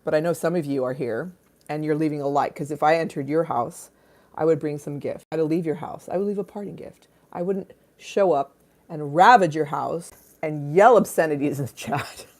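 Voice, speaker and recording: A woman hosting a casual livestream on her phone, playful and crude, swinging between loud bursts and low mutters. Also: moderate pace. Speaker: livestream host. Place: Los Angeles home.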